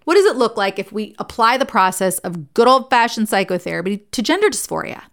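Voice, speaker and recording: A woman therapist addresses her peers in an earnest, conversational way and weaves in stories. Her voice has a steady gravelly fry and sits at an ordinary middle pitch. She sounds like a practiced speaker sharing her experience. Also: brisk. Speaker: licensed therapist. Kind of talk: talk to fellow therapists.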